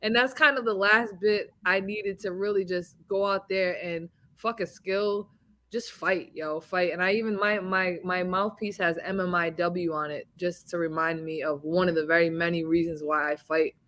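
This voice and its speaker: A woman in her thirties, a boxing champion being interviewed, telling animated stories with laughs and swearing. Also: lowish voice, normal speed. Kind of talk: casual interview chat.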